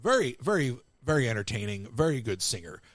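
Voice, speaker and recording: A male radio host tells casual anecdotes to live callers on a call-in show, animatedly acting out other people's lines. His voice is medium-pitched and a little fast, with no room sound.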